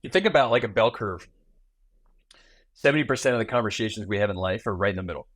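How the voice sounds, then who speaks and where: A man in his forties, a podcast guest who tells stories in a lively way and acts out small talk in quick asides. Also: lowish voice, dry recording. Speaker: guest, founder and keynote speaker. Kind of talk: conversational podcast interview.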